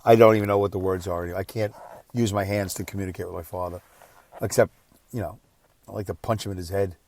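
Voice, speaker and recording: A man's voice: low-pitched, steady tone, fast talker, no echo. Tired man telling a personal story. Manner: emotional, rambling, swinging between quiet and loud. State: exhausted. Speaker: podcast host.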